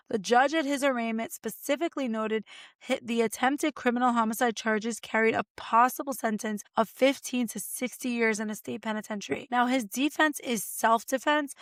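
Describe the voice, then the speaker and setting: A woman lawyer hosting a podcast, giving chatty, expressive legal commentary and talking straight to her listeners. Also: fairly high pitch, no echo, clean studio sound.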